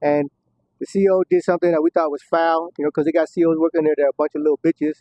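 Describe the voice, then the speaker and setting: Talking fast in a flat, rather high voice, a man swaps a casual prison story loaded with profanity, laughing now and then and mimicking what others said. The recording is dry, dull and muffled.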